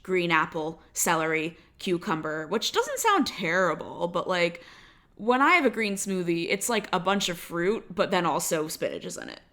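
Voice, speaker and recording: A young woman co-hosts a podcast in loose, casual chat. She tells stories, and her sentences are packed with "like." Her voice sits a little on the low side. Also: fairly bright tone. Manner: chatty storytelling, heavy on "like" fillers. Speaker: podcast co-host.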